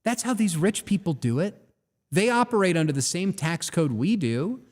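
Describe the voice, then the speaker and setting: A man hosting a live talk show, delivering an animated, ranting monologue full of rhetorical questions. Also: high voice, moderate pace, in a large hall. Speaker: host.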